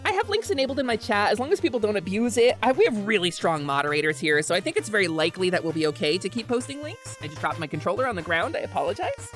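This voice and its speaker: A woman's voice: mid-range voice, very animated, quick pace, few pauses, faint music behind. A young woman chatting playfully while streaming a game, giggling and slipping into goofy in-character bits. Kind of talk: casual chat while gaming.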